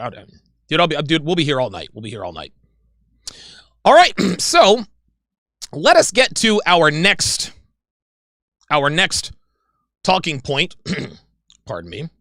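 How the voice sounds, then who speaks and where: A man in his forties hosting a livestream in casual chat, rambling and excitable. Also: a little high, creaky, no room sound, clean studio sound. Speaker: livestream host.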